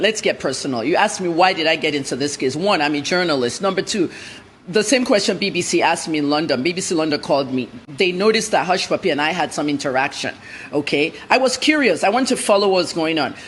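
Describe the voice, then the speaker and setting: A woman's voice: deep voice, lively intonation, a little fast, slight background noise. A woman journalist answering interview questions in a blunt, emphatic way.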